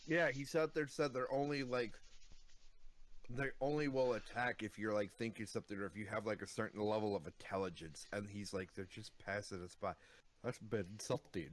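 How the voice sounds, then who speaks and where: Man, podcast co-host, blunt casual talker, fairly low voice. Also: a little fast. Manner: blunt, swears casually, recounts scenes with bursts of excitement. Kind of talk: casual chat.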